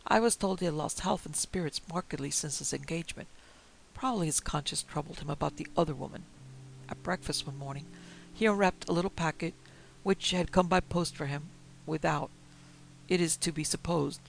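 A man narrating a period story aloud in a measured storytelling manner. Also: fairly high pitch, vocal fry, slight background noise, low-quality recording. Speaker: audiobook narrator. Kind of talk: reading a Victorian story aloud.

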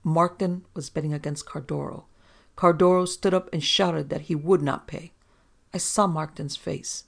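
A narrator voicing an excitable, accusing police lieutenant in an audiobook, speaking heatedly and insistently. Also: mid-range voice, fairly quick, close to an everyday voice. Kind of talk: audiobook character reading.

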